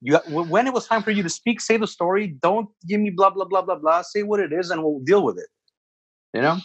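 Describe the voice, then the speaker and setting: Husky-voiced man telling animated stories. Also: high voice, a little fast, no echo, lo-fi sound. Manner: animated storyteller, repeats words for emphasis. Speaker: podcast co-host. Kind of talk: casual chat.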